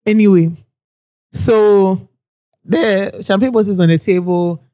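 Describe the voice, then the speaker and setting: A young woman, co-hosting a podcast and telling an anecdote in casual chat, animated and quick to laugh as she acts out what people said. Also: mid-range voice, no echo, studio quality. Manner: animated, laughing often, acting out quoted people. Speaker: podcast co-host.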